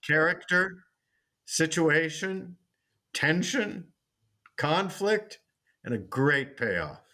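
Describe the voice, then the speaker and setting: A man's voice: a little high, expressive, very slow, bright, forceful tone. A man, a sitcom writer and teacher, telling a story in an interview, with frequent restarts.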